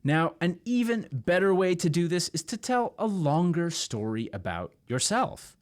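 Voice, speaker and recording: A man from Canada teaching English pronunciation, drilling words slowly and clearly with repetition. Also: high voice, big pitch swings. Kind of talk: scripted pronunciation lesson.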